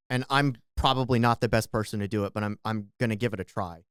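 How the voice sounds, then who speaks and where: Podcast guy, smooth clear voice, dry close mic, walks through his point step by step. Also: lowish voice, brisk, few pauses, no room sound. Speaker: podcast co-host. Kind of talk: casual political discussion.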